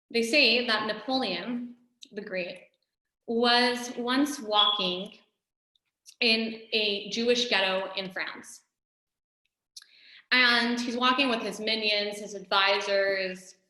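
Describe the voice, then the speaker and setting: A woman's voice: mid-range voice, bright, forceful tone. A woman teaching a religious lesson in a conversational, storytelling way, often saying "you know". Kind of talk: recorded Torah lesson. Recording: echoey room.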